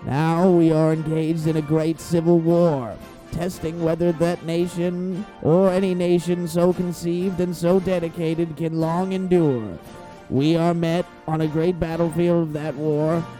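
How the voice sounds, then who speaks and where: A man putting on the voice of a solemn old statesman, slowly declaiming a speech. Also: fairly high pitch, level tone, soft background music, natural voice, poor audio. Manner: slow, declaiming, loud. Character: solemn old male president giving a speech.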